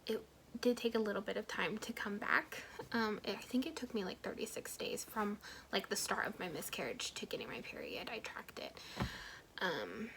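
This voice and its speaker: A young woman, a mom vlogger, telling her own story to camera in a soft, half-whispered, candid way, with many ums and likes. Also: medium pitch, lively intonation, normal speed, vocal fry, low-quality recording.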